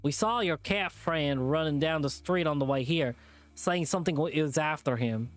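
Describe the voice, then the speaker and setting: A man voicing a menacing male hillbilly animal thug while reading a visual novel aloud, in a slow, drawling, threatening way. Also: on the high side, natural voice.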